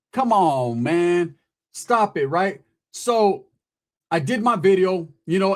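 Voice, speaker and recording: High-voiced man roasting a rival. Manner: profane, taunting, street slang. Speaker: channel host. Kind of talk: mocking roast rant to camera.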